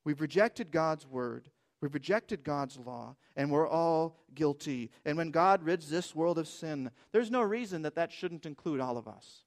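A man's voice: on the high side, animated, measured pace, hardly any pauses. A man preaching a sermon as pastor, emphatic and asking rhetorical questions.

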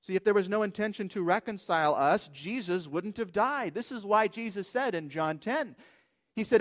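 A man's voice: sits high, animated, moderate pace. A man preaching a sermon as pastor, emphatic and asking rhetorical questions.

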